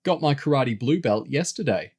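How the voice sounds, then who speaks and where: A man reading a story aloud, voicing an eager teenage boy who gets loud when excited. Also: mid-range voice, moderate pace, breathy edge, voice pushed up. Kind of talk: audiobook character voice.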